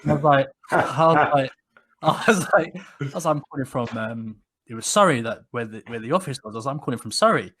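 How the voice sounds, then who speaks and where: A man's voice: medium pitch, fairly quick, breathy edge. Rambling man. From England. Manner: rambling, many restarts, animated when quoting people. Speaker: podcast co-host. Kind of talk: casual conversational storytelling.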